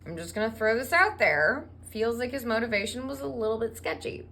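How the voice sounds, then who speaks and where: A woman's voice: on the high side, fairly quick, hardly any pauses, slight background noise. Sarcastic foul-mouthed woman storyteller. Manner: profane, sarcastic, deadpan asides. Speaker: comedic storyteller and drag performer. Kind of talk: comedic irreverent storytelling.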